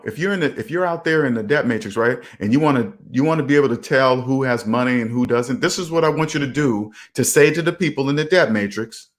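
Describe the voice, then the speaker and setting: A man hosting a personal finance channel, giving casual, emphatic advice and acting out the people he quotes. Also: mid-range voice.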